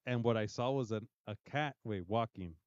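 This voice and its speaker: A man's voice: lowish voice, moderate pace, a little mellow, no room sound, lo-fi sound. Rambling bilingual man telling a spooky story. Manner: rambling, swearing, mixing English and Spanish. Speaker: podcast co-host. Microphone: podcast mic.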